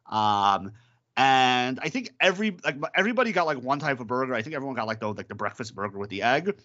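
A man's voice: mid-range voice, big pitch swings, quick pace, pushed and bright, lo-fi sound. A man co-hosting a podcast, rambling animatedly with lots of fillers. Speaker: podcast co-host. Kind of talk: casual chat about a TV episode.

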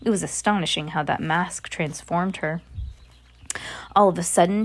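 A woman reading a novel aloud in a relaxed way, with chatty asides and restarts. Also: lowish voice, moderate pace. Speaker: reader.

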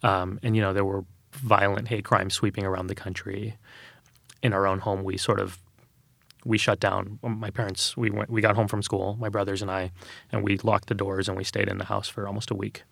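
Gravelly-voiced man telling his story. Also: on the low side, flat delivery, normal speed, fairly bright tone, dry recording. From Texas, USA. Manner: earnest, thoughtful, frequent "like" and "um" fillers. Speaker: interview guest. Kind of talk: reflective personal storytelling.

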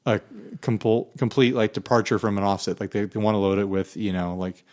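A man's voice: lowish voice, steady tone, a little fast, darkish tone. A man co-hosting a casual guitar podcast, laid-back and chuckling as he talks. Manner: laid-back, laughs while talking. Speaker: podcast co-host. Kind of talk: casual chat about guitars.

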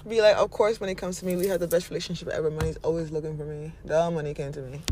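A woman's voice: deep voice, level tone, very fast, mellow, a little hiss or hum. A woman giving casual motivational advice, playful and laughing often, slipping into mocking voices and casual swearing. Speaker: vlogger giving manifestation advice.

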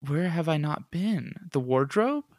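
A man's voice: fairly high pitch, animated, a little slow, darkish tone, dry recording. A man playing a tabletop murder mystery game, talking playfully and stammering now and then. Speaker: player.

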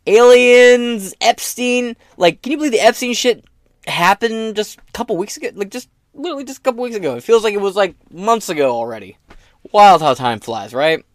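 A man's voice: high-pitched, dry recording, clean studio sound. A man hosting his own podcast, giving casual political commentary in a profane, joking, rambling way. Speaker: podcast host.

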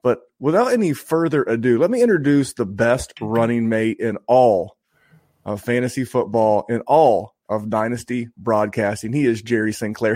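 Man, from Indiana, podcast host, chatty, joking, mid pitch, dry close mic. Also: moderate pace, darkish tone, dry recording. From Indiana, USA. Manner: chatty, joking, frequent restarts. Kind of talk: casual podcast intro.

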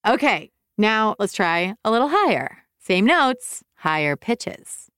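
A woman's voice: mid-range voice, sing-song, slow pace, a bit bright, clean tone, dry recording, clean studio sound. A woman hosting a music lesson for kids, encouraging viewers at home to sing along. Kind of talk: upbeat kids' music lesson.

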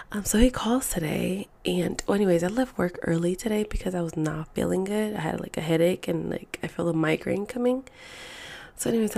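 A young adult woman hosting a podcast, talking quietly and half-whispering in a casual, profane, exasperated chat. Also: fairly low pitch, vocal fry. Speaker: podcast host.

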